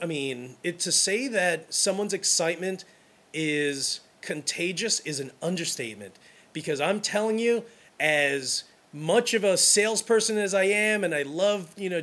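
A man's voice: on the high side, fairly bright tone. A wedding photographer from Brooklyn, a man talking casually and enthusiastically, rambling with restarts as he gives advice. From Brooklyn, New York.

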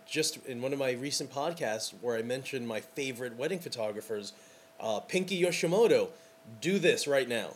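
A man's voice: mid-range voice, slight background noise. A man hosting a casual podcast as a wedding photographer, talking in an enthusiastic, rambling way with lots of fillers.

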